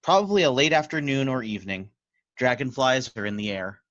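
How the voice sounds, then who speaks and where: A man narrating stage directions in a plain, measured reading for an audio theater play. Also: mid-range voice, animated, fairly bright tone, dull audio, slight background noise. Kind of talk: scripted narration.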